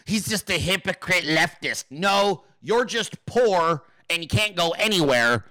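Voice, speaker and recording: Brash, profane livestream host with bright voice. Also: male voice, no room sound. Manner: profane, mocking, puts on shrill voices. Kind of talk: crude casual livestream rant.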